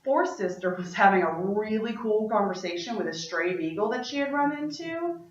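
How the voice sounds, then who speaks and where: A woman's voice: medium pitch, animated, moderate pace, a little hiss or hum. A woman telling a story aloud as a performance, playful and chatty with asides to her listeners. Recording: roomy, distant, dull-sounding room recording.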